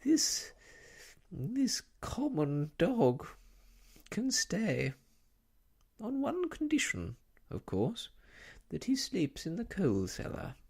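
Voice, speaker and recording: A soft-spoken ASMR reader voicing a fussy, haughty older woman dog owner, prim and scolding, in a storybook. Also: wildly swooping pitch, slow, husky, exaggerated voice. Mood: tearful. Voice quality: shrill, high and fluttery. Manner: prim, scolding, easily tearful.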